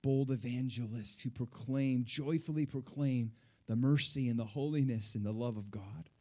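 A man preaching to a congregation in a middle-pitched voice. He tells personal stories with animated energy, swinging from quiet reflection to excited, high-pitched exclamations. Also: normal speed. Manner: animated storytelling, leaps to high excited pitch when retelling joy. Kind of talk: sermon.

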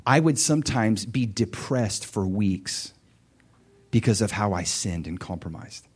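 A man preaching a sermon, telling a personal story with lively swings between quiet muttering and loud, high cries. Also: unhurried, husky.

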